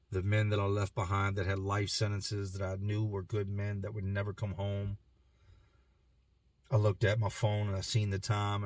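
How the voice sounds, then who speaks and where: Speaking to camera in a lowish voice, a man tells his own life story candidly and emotionally, using casual slang and repeating words. There's no room sound.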